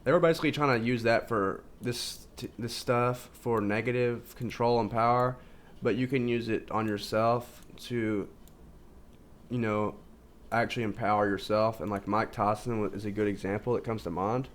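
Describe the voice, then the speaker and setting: A man's voice: fairly low pitch, steady tone, normal speed. A man talking casually in a rambling self-help monologue, full of fillers and restarts. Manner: informal, says "like" constantly. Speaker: video host.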